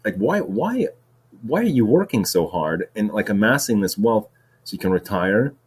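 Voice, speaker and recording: A man's voice: fairly low pitch, big pitch swings, moderate pace, husky. A man talking in a casual solo monologue, rambling and restarting, with lots of "like" and "dude.". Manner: rambling, heavy use of "like" and "dude"; restarts and repeats words. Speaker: podcast host.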